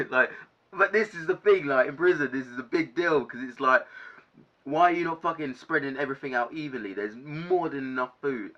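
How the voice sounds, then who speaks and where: A young man telling a casual storytime to camera, animated, ranting and swearing a lot. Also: medium pitch. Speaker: vlogger. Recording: dull lo-fi sound.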